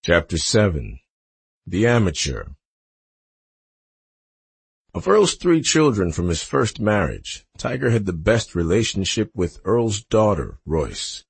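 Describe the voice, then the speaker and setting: A male narrator reads a nonfiction audiobook with expressive delivery. His voice is gravelly and husky. His pitch moves in a lively way. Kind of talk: scripted narration.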